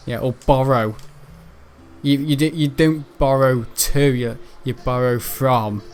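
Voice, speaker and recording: Rambling young Merseyside lad streaming. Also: male voice, medium pitch, steady tone, takes it slowly, faint music behind. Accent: Merseyside English. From the Wirral, England. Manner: hesitant, many ums and restarts, chuckling. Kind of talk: rambling casual chat.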